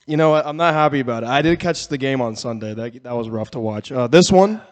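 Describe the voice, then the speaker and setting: A man's voice: mid-range voice, fast. Laid-back podcast co-host man. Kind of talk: casual podcast banter.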